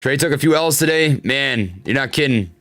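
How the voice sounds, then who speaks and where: At normal speed and in an animated, mid-range voice with a bit of brightness, a young man comments casually on stock charts during a live stream. Venting frustration, he reads out chat messages, swears, and laughs.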